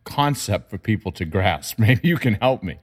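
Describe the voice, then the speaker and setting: A man discussing marketing in an emphatic, animated way, his pitch jumping up when he makes a point. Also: normal speed. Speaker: marketing commentator. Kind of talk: conversational discussion.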